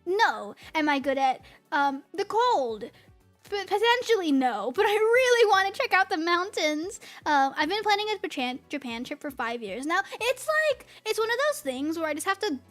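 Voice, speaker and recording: A woman streaming as a VTuber, chatting casually with viewers in an excitable, giggly, rambling way full of restarts. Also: extremely high pitch, moderate pace, soft background music.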